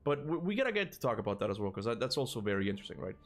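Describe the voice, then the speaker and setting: A man's voice: fairly low pitch, big pitch swings, racing. A man hosting a casual gaming livestream, rambling with many fillers and restarts, and laughing often. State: burping after lunch. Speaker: gaming channel host.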